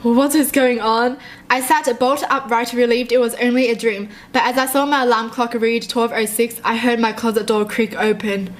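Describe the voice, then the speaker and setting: A young woman reading short horror stories aloud and reacting in a jumpy, excitable way, often laughing. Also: fairly high pitch, moderate pace.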